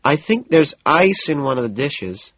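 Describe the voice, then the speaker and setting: A man voicing an anxious, well-mannered young woman in an audiobook, soft and hesitant. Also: a little high, very animated, unhurried, breathy edge, no room sound, voice pushed up, full character voice. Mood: cautious. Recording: dull, muffled audiobook recording.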